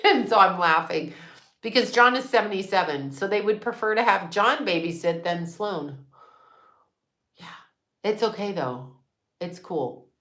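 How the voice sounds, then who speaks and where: Woman host, 60s, bright and forceful, candid and salty, livestream chat in an echoey room. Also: lowish voice. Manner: candid, swears freely, laughs often. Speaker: psychic and astrologer livestream host. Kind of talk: casual livestream chat reading comments.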